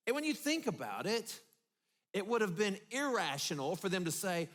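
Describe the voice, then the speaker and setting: Pastor guy giving a sermon, pretty high voice, tells it like a story w/ big pauses. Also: expressive, fairly bright tone. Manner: storytelling, dramatic pauses, drops low for emphasis. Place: church.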